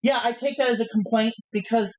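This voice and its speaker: A brash male pro wrestler cutting a taunting promo, cocky and full of challenge, as a woman re-enacts him on a livestream, the words stumbling out as they are recited. The voice sits a little high for the part and drops lower to sound tough. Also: steady tone, fairly quick, a little mellow, close to an everyday voice, low-quality recording. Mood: defiant.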